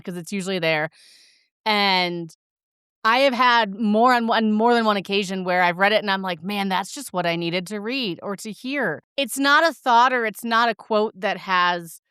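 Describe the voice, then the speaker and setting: A woman's voice: mid-range voice, clean tone, no echo, clean studio sound. A woman hosting a podcast, chatting in a casual way and heaping praise on her guest. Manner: chatty and warm in praise, with fillers and restarts. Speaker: podcast host. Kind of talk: casual interview chat.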